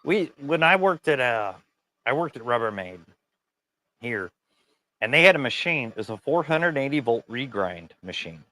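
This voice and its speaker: A middle-aged man in casual chat, telling an animated work story full of swearing and laughter. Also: medium pitch, normal speed, dry recording.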